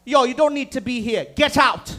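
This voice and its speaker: Male comic playing a curt, bossy nurse lady with a high, sharp voice. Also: normal speed. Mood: stern. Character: sassy stern woman nurse.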